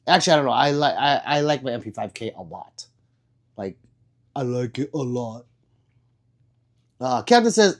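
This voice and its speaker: Excitable, blunt man with a lively voice. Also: on the high side. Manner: blunt, profane and excitable, with sudden loud outbursts. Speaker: livestream host. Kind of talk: casual livestream chat, answering viewer comments.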